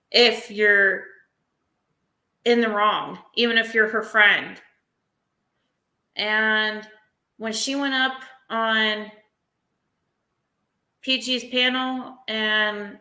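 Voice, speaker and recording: A woman's voice: medium pitch, sharp tone. A woman chatting casually on a live stream, rambling and emotional, often breaking into laughter. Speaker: livestreamer. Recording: roomy echo.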